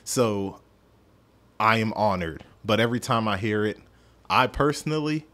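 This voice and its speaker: A man's voice: on the low side, expressive, normal speed, fairly bright tone. A man hosting a podcast, chatting casually through a music review in a rambling, self-deprecating way and stumbling over his words. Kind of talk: casual solo review chat.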